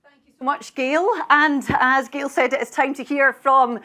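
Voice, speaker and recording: A woman's voice: sits high, steady tone, normal speed, pushed and bright. Upbeat woman hosting an interview. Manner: upbeat, encouraging, friendly. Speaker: event host and interviewer. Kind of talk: hosted stage interview. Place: conference room with live audience.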